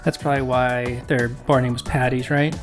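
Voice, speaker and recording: A man co-hosts a casual comedy podcast. He banters with a dry, joking delivery while plugging the show. Faint music sits quietly in the background. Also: medium pitch, normal speed. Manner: joking, deadpan self-promotion. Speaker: podcast co-host.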